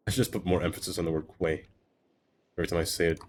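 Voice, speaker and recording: A man's voice: low voice, fairly even intonation, rapid-fire. A man streaming live, chatting casually to himself as he builds in a game, rambling and trailing off into fillers.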